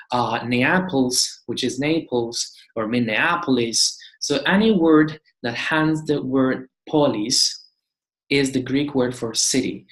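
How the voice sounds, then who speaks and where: A woman teaching a beginner language lesson, saying each word several times and explaining it patiently. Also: very deep voice. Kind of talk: slow beginner lesson with repeated drills. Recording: echoey room.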